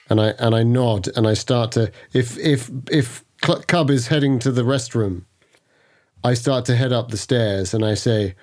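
A man's voice: medium pitch, a little slow, darkish tone. Tabletop player, man, stammering, repeats himself. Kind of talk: describing character actions in a tabletop game.

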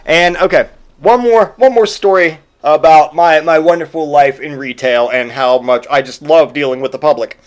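A man hosting a comic monologue, ranting about his job with plenty of swearing. His voice sits a bit high, and he sounds worn out and exasperated. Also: normal speed. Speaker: podcast host. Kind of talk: comedic storytelling monologue.

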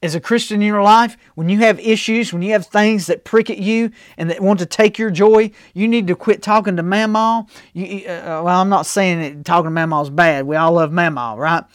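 A male pastor preaching a sermon, telling folksy stories and swinging from loud to soft. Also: high-pitched, steady tone, brisk, few pauses, smooth, no room sound, clean studio sound. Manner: folksy storytelling with big swings in loudness.

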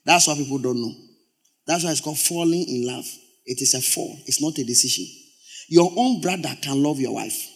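Delivering a sermon, this male pastor repeats words to drive points home, shifting from loud exclamations down to hushed, quiet storytelling.

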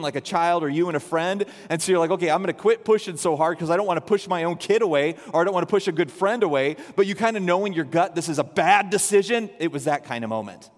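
A man's voice: high voice, big-room sound. A man preaching a sermon, telling a story and acting out the people in it in quoted voices. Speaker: pastor.

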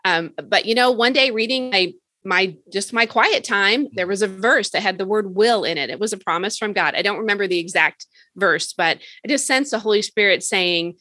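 A woman's voice: mid-range voice, moderate pace, sharp tone, no echo. A woman guest on a faith podcast, an author and speaker, telling her story eagerly and earnestly. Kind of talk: casual faith podcast interview.

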